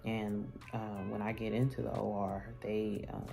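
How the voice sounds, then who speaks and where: A woman with an unusually low, mellow voice recounts a personal story for her vlog. She talks in a candid, casual way, with plenty of "um"s and restarts. Soft music plays faintly underneath. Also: flat delivery, a little slow, vocal fry. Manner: candid, conversational retelling with many fillers and restarts. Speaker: vlogger.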